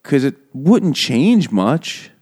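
A man in casual book talk, speaking in a dry, wry, deliberate way. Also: mid-range voice, big pitch swings, a little mellow, breathy edge.

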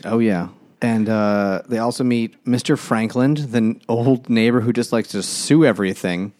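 A man co-hosting a casual podcast, retelling a book with crude jokes and quick voiced asides. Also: mid-range voice, darkish tone. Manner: crude, jokey, acts out characters while recapping. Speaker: podcast co-host. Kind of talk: casual chat.

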